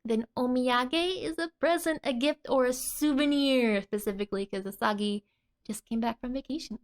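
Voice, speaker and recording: A woman's voice: high-pitched, normal speed. Giggly woman teaching a language lesson. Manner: giggly, laughs often between explanations.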